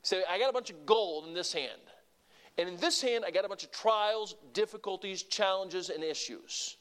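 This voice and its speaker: A pastor with a slightly high voice preaches to his congregation in an easy, conversational way. He asks them questions and pushes certain words louder or slower for emphasis, then drops back down again. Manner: varies loudness and pace for emphasis. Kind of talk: sermon.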